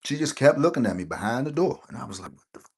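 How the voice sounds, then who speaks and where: Very animated and talking fast, this middle-aged man uses a slightly rough, mid-range voice. He hosts a lottery channel and wanders through a casual personal story for viewers, checking in with "right?" again and again.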